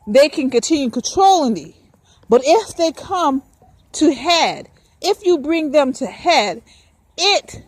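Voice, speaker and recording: High, swooping woman ranting profanely. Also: dry recording. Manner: profane, preachy, fired-up. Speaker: podcast host. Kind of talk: ranting spoken monologue.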